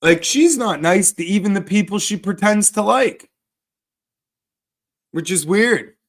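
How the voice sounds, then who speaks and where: Slow, sarcastic man streaming. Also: high voice, expressive. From Canada. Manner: sarcastic, crude, slow drawl. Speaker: livestreamer. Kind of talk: profane livestream banter reading chat.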